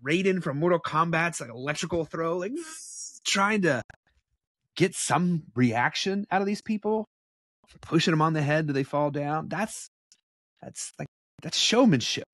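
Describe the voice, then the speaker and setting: Male Bible teacher, casual preaching, blunt and animated, slightly high voice, dry close recording. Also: unhurried, no echo. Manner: conversational, animated, with blunt asides.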